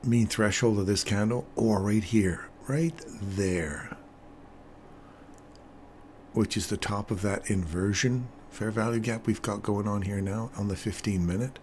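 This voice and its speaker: A man's voice: lowish voice, measured pace, slight background noise. An older man hosting a live trading stream, talking casually and chatting with viewers while commenting on charts. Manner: chatty, laughs often, animated when storytelling.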